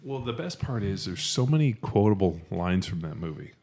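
A man's voice: low voice, big pitch swings, moderate pace, a little mellow. A man co-hosting a podcast in casual chat, rambling and quoting movie lines in put-on voices. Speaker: podcast co-host.

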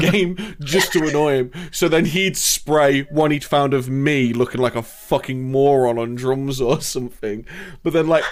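A young man chats casually about games. He tells long, rambling stories, swearing freely and laughing as he goes. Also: mid-range voice. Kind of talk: casual gaming chat.

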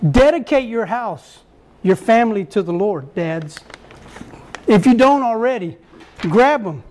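A man's voice: high-pitched, animated, unhurried, a little mellow. A middle-aged man, preaching a folksy, repetitive sermon that mixes family stories with exhortation.

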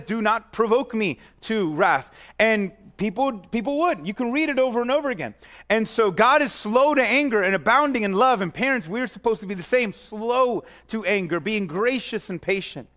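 A man with a high-pitched voice preaches like he's chatting with his congregation. He speaks directly to parents and kids, restarts phrases and repeats himself, and often drops his voice low and quiet to drive a point home. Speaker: pastor. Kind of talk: sermon.

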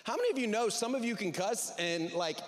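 A man's voice: high voice, expressive, fairly quick, in a large hall. A male pastor preaching a sermon in a conversational way, acting out what people say. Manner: conversational, acts out quoted voices. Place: church service.

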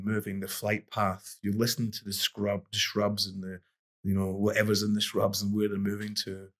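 Easygoing low-voiced middle-aged man. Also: fairly bright tone. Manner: easygoing, rambling, many restarts and "you know". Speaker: guest, boxing coach. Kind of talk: relaxed conversational storytelling.

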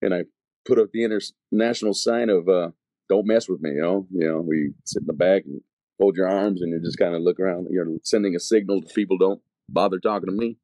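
Deep-voiced man telling his story loosely. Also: steady tone, brisk, dark tone, no room sound, clean studio sound. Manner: storytelling, acting out past dialogue; loose, rambling, full of "you know". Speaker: evangelist telling his testimony. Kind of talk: casual spoken testimony.

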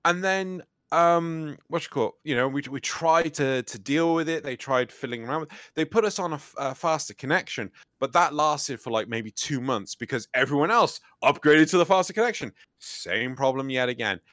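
A young man tells a story at a casual pace, his pitch bouncing as he acts out both ends of a phone call. It is a relaxed podcast chat, and he talks over a dry, close mic with almost no room around his voice. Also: moderate pace, hardly any pauses, dry recording. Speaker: podcast co-host.

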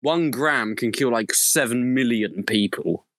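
A man's voice: mid-range voice, lively intonation, measured pace, fairly bright tone, no room sound, poor audio. A young man chatting casually, who laughs a lot and rambles. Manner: giggly, laughs often, rambling. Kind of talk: casual chat.

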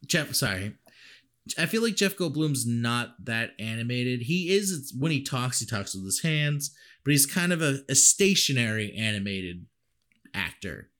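A man's voice: mid-range voice, very animated, a little slow, a bit bright. A man co-hosting a casual movie review chat, rambling and laughing often, swearing now and then. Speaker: podcast co-host.

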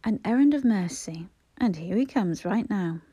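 A woman's voice: medium pitch, expressive, normal speed, mellow, slightly rough, no room sound. Woman voicing a courteous hospital doctor. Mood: polite. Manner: courteous, encouraging. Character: polite, reassuring hospital doctor.

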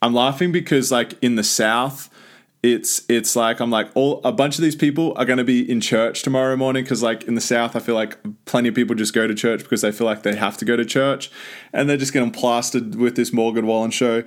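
A man's voice: mid-range voice, fairly even intonation, fairly quick. A young man with an Australian accent, telling a rambling, enthusiastic story as a podcast host with lots of restarts. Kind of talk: casual storytelling monologue.

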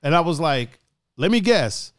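A man from Ohio co-hosting a stream, chatting casually, laughing often and swearing as he tells animated stories. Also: on the high side, unhurried, no room sound, clean studio sound. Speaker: stream co-host. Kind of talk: casual chat.

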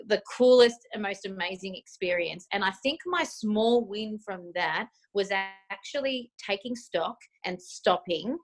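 A woman's voice: medium pitch, fairly bright tone. A woman co-hosting a podcast over a remote call from a friend's house, talking in an effusive, emotional, gushing way. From Australia. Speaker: podcast co-host. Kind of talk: casual podcast chat.

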